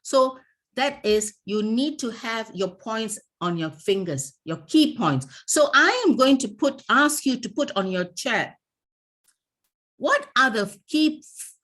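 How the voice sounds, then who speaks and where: A woman coaching an online workshop as a workplace trainer, animated and acting out little scenes. Her voice comes over a video call. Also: a little high, slow.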